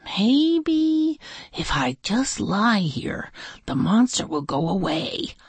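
A prim young princess with a secret hero side speaks in a high, lively voice, as a woman reader takes her on. When facing danger she turns firm and commanding, in children's storybook fashion. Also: takes it slowly, husky, no room sound, heavily acted. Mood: wry.

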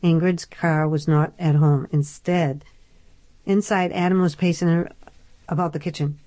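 A woman narrating a novel in a steady, measured storytelling voice. Her voice sits on the lower side, and the recording is close and completely dry, with no room at all. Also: dry recording. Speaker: audiobook narrator. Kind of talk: scripted narration.

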